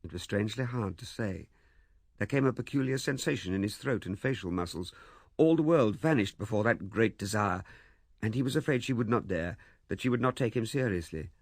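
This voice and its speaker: A male audiobook narrator with a fairly low pitch tells the story in a measured, expressive way. The recording is dry, with clean studio sound.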